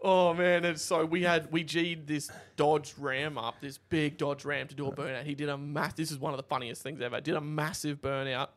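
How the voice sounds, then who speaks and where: An Australian man co-hosting a car podcast, with a voice pitched a little high for a man. He tells stories in a loose, chatty way and belts out other people's lines loudly. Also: moderate pace, few pauses. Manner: animated storyteller, shouts out quoted lines. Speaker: podcast co-host. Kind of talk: casual chat.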